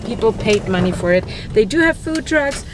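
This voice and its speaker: A woman chatting quickly and teasingly in a casual vlog outdoors, recorded on a handheld camera mic. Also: fairly high pitch, lively intonation. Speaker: vlogger. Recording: noisy outdoor camera audio.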